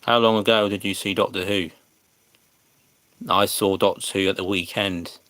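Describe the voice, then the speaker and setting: A man's voice: low-pitched, fairly even intonation, moderate pace, a bit bright, dry recording. An English man chatting casually to viewers on a livestream, hesitant and full of fillers and restarts. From England.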